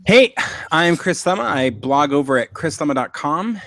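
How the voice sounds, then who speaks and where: A man introducing himself as a podcast guest, brisk and friendly. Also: fairly high pitch, lively intonation, a bit bright, no echo. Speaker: panel guest.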